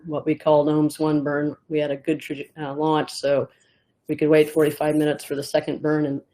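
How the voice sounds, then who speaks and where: A woman in her sixties, a retired astronaut, telling stories and asking questions in a relaxed conversational interview, laughing easily. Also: low-pitched. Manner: reflective storytelling, laughs easily.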